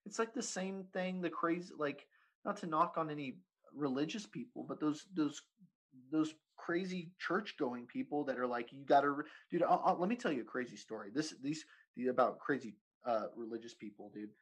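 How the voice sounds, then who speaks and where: A man's voice: on the high side, normal speed, poor audio. A man in his thirties telling a story in casual chat, rambling, swearing and laughing often. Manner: profane, rambling, laughs often, says "dude" constantly.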